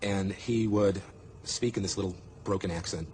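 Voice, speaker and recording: A man in a documentary interview, retelling a stage show with lively acted-out reactions. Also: sits low, moderate pace, a little hiss or hum. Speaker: interviewee recalling a comedian.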